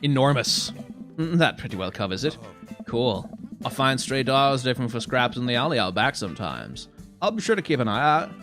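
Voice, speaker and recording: A man voicing a cool, laid-back man in a video game, with a slow, soft, slick drawl. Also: mid-range voice, very animated, music in the background.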